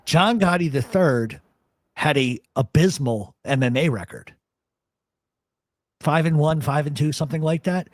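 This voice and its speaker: Here the radio host speaks unhurriedly with a fairly high pitch, pausing often, and there's no room sound. His casual storytelling is blunt and heavy with swearing as he argues his points.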